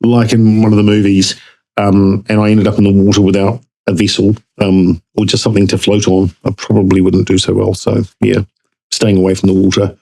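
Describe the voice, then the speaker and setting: A man with a New Zealand accent, a podcast guest telling a story casually and animatedly, jumping up in pitch to act out dialogue. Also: monotone, a little fast, vocal fry, dark tone, rough recording.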